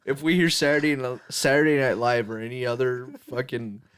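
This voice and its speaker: A man's voice: mid-range voice, fairly quick, a bit bright, clear, resonant tone. A young man co-hosting a podcast, throwing out crude, sarcastic jokes in casual chat. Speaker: podcast co-host.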